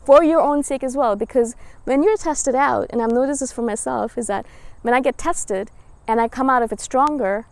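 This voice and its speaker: A woman in her thirties with a slightly high voice speaks straight to her viewers in a relaxed vlog style. She is earnest and encouraging, and hammers home her advice through steady repetition. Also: moderate pace. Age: 30s. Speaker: spiritual vlogger. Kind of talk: casual motivational monologue.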